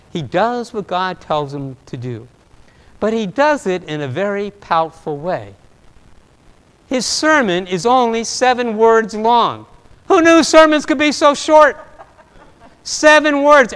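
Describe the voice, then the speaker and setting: A man preaching a sermon, telling a story with animation and swinging between loud and soft delivery. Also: high voice, clear, resonant tone. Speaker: pastor. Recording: long reverb of a large hall.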